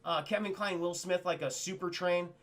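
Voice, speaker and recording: A man streaming a rambling, profane scene-by-scene film recap to his chat, acting out lines in quick impressions. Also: sits high, fairly even intonation, a bit bright. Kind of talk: casual profane movie recap.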